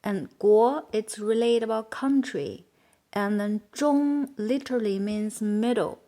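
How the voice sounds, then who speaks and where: A woman's voice: on the high side, slow, mellow. A woman teacher with a Chinese accent, a native Chinese speaker, explaining a beginner language lesson and repeating words carefully.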